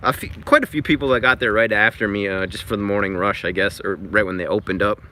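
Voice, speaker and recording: A man's voice: fairly low pitch, fast talker, pushed and bright. A man telling a story in a casual vlog, chatty and exasperated, swearing freely, recorded outside near traffic. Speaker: vlogger.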